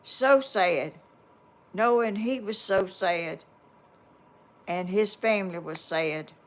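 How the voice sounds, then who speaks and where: A woman's voice: medium pitch, slow. An older woman, telling a rambling personal story to her viewers in a homespun, meandering way. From Georgia, US. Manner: homespun, meandering, reads viewer comments aloud. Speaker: vlogger.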